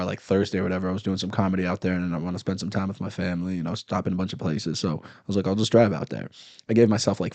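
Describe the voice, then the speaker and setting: A man's voice: sits low, creaky, no echo. A man, a comedian, telling a story in casual chat and acting out the angry people in it. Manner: animated storyteller, acts out angry cops loudly. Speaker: comedian guest.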